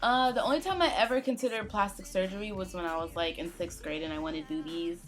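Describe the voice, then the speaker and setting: A woman's voice: mid-range voice, quick pace. A young woman co-hosting a casual fan Q&A, goofy and giggly, breaking into playful outbursts. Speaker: K-pop reaction channel co-host. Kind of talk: casual Q&A chat.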